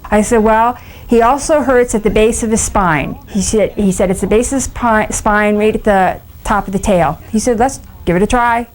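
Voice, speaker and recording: A woman's voice: medium pitch, moderate pace, poor audio. A woman pet owner earnestly recounting a vet visit in a documentary interview.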